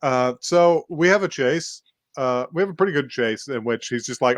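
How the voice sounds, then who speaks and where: A man of middling pitch recaps an anime episode for his podcast, with rambling and frequent laughter. He jumps into the characters' lines as he goes. His voice sounds close and dry, with no room echo. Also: expressive, moderate pace. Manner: rambling, laughing, acts out quotes. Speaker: podcast co-host. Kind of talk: casual anime recap chat.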